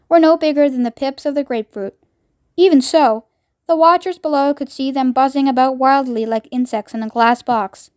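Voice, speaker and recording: A woman reads a children's book aloud in a high, expressive voice. The sound is dry and close, with no room echo. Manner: lively, expressive. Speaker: reader.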